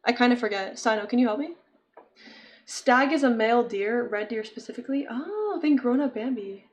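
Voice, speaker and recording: A woman's voice: on the high side, brisk. A young woman chatting casually with her viewers while she crochets, giggling often and answering chat. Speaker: streamer.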